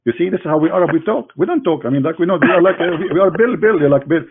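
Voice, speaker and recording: Over a narrow, phone-like line with a bit of hiss or hum, a host debates a caller about religion. His high, gravelly voice races along expressively as he mocks and teases, repeating phrases for emphasis.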